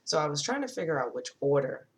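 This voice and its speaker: A woman's voice: low-pitched, sing-song. Woman, casual vlog, chatty, wanders off topic, apologizes, reads notes aloud. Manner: reads notes slowly, rereads long sentences. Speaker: spiritual vlogger.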